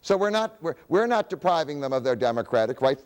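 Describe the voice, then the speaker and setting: A man's voice: on the high side, very animated, fairly quick, big-room sound. A man giving a public lecture, who poses rhetorical questions and answers them himself.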